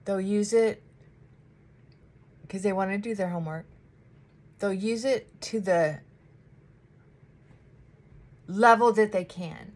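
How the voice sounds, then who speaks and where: A woman therapist chatting casually while doing her makeup, animated and acting out her clients' voices. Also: mid-range voice, slow, pauses often.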